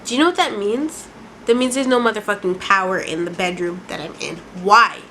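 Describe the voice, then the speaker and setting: A woman in her twenties from Canada, telling a dramatic storytime vlog in a casual, profane, animated way. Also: medium pitch, fairly quick, a little hiss or hum, rough recording. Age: 20s. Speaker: vlogger.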